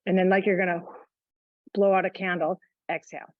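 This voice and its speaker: Female yoga teacher, chatty and joking, slightly low voice, dull dry recording. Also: flat delivery, brisk, dry recording. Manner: chatty, joking asides while cueing moves. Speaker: yoga instructor. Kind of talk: guided exercise class instruction.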